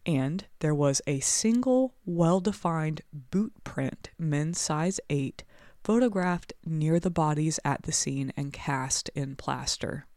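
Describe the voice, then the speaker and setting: A woman's voice: low-pitched, expressive, slow pace, dark tone, dry recording, studio quality. A woman co-hosting a true crime podcast, alternating casual chat full of 'like' with read narration. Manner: casual, chatty, with frequent 'like'. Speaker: podcast co-host.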